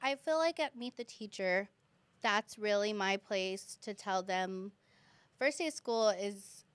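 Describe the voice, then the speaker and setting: A woman's voice: mid-range voice, lively intonation, measured pace, smooth, no room sound. A woman who teaches kindergarten, chatting as a guest on a podcast and acting out her students' voices. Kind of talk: casual podcast chat.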